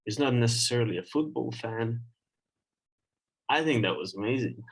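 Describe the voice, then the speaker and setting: Low-voiced, thoughtful man. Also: rough recording. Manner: thoughtful, pausing, searching for words. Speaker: co-host. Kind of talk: reflective casual conversation.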